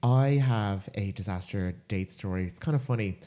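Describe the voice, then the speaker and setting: A man's voice: on the low side, normal speed. An Irish man co-hosting a podcast, telling a funny story in a casual chat and acting out the voices in it. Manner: animated storyteller, acts out quoted voices. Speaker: podcast co-host.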